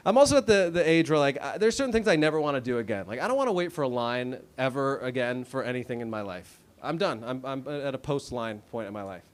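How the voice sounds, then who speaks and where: An American comic in his thirties performs at a comedy club, his medium-pitched voice lively in intonation and a little fast. He takes a wry, self-deprecating, conversational approach while the audience laughs.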